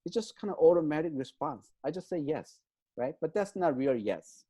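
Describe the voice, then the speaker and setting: A man speaks as an interview guest, walking a listener through an idea step by step. His voice sits a little high yet sounds soft and mellow. His English is non-native and halting, peppered with "um" and a questioning "right?". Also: animated, slightly rough. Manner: hesitant, many fillers, checks in with "right?". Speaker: guest expert on trauma. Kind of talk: explanatory interview talk.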